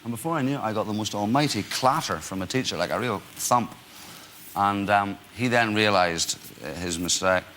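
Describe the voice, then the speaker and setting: Sharp-toned and on the low side, a Northern Irish man in his forties speaks at a moderate pace as a talk show guest. His stories are self-deprecating and chatty, peppered with laughter and hesitant "uh"s. A little hiss or hum can be heard.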